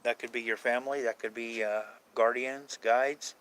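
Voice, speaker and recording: On a low-quality recording, this man talks with his paranormal live stream audience in a rambling, offhand way, cursing casually and responding to chat questions. His voice sits in the mid-range, clean and fairly bright, with fairly even intonation and a normal pace.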